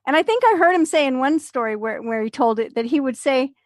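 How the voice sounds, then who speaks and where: A woman with a high voice chats casually on a podcast and retells a story with lively energy. She acts out the people in it and laughs along. Her voice is close and dry, with no room sound. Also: fast, no room sound. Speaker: podcast co-host.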